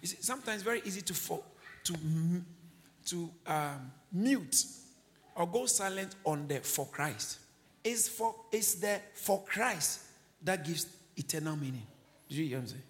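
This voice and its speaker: High, lively preaching man in a reverberant hall. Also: unhurried. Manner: exhorting, swinging between loud shouts and low asides, with laughs. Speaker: pastor. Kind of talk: sermon. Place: church hall.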